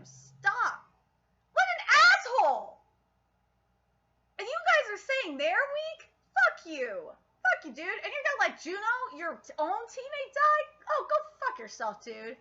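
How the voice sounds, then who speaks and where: A woman reacting live while reading a manga aloud, loud and excitable, with frequent outbursts and heavy swearing. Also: very high-pitched, measured pace. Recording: lo-fi stream audio.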